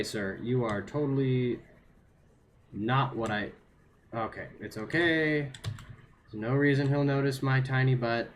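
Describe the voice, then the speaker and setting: Male streamer, mid-pitched voice, jumpy running commentary, soft keyboard clicks in the background. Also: steady tone, a little slow, long pauses, a little hiss or hum. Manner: nervous self-talk, repeats phrases under pressure. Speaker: game streamer. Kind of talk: live gameplay commentary to chat.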